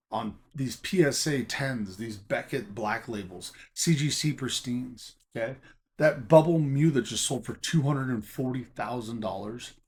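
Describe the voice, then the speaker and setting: A man talking casually to camera about collecting and selling trading cards, emphatic and chatty, often checking in with "okay?". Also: medium pitch. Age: adult teaching a college class. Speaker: Pokémon card collector and seller.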